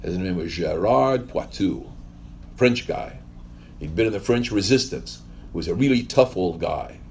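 A man's voice: deep voice, darkish tone, slight background noise. A male pastor giving a conversational sermon, telling stories in a rambling way with wry asides.

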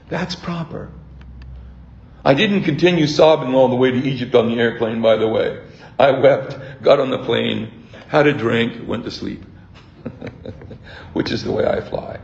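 An older man gives a sermon in a slow, unhurried voice that is heavily gravelly. He preaches reflectively and stops often to restart his words. The recording is dull and roomy. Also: medium pitch, darkish tone. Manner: reflective, halting with repeated restarts. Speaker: priest.

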